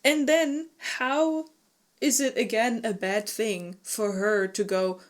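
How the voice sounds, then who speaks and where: A woman co-hosting a casual book discussion podcast, animated and swearing freely. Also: a little high. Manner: animated, swearing, quick to laugh. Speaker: book club podcast co-host.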